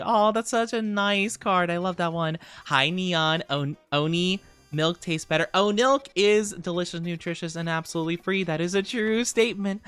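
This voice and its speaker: A man's voice: sits high, a little slow, a bit bright, clear, resonant tone, faint music behind. Playful, sweet-voiced male streamer. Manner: playful, mock-offended teasing; sweet, caring greetings to viewers. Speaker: VTuber streamer. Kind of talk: casual livestream chat.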